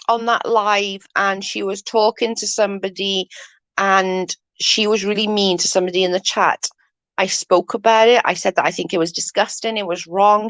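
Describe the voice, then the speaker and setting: A woman's voice: mid-range voice, dry recording. A woman hosting a casual live stream, chatting and yawning as she reads comments. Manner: chatty, yawning, says "allegedly" often.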